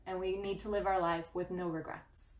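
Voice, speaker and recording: A woman's voice: on the low side, level tone, moderate pace, reverberant, a little hiss or hum. A woman hosting a spiritual guidance livestream, giving an emphatic motivational talk. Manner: passionate, emphatic, laughs often.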